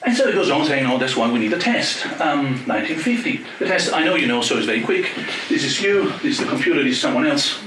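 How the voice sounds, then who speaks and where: A man giving an academic talk, joking with quick asides in a lively manner. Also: on the high side, noisy background. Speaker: panel speaker. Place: lecture hall. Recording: echoey lecture hall from far off.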